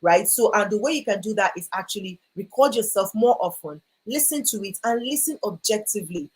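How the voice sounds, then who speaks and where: A woman's voice: medium pitch, lively intonation, fairly quick, husky. A woman speaking at a live online workshop, encouraging and repetitive, reading viewers' comments aloud. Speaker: voice coach speaker.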